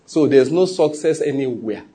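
A middle-aged man preaching a sermon, telling stories with animated quoted voices and frequent laughs. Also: a little high, moderate pace, slightly rough. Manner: animated storytelling, laughs often, acts out quotes. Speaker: pastor.

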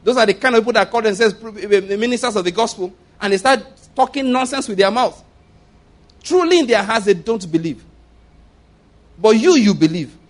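A middle-aged male pastor preaching a sermon in an emphatic, animated way, often repeating his phrases. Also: sits high, normal speed.

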